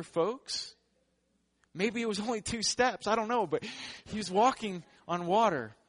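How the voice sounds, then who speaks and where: Male pastor, slightly high voice, casual jokey sermon delivery. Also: fairly bright tone. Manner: joking, conversational preaching.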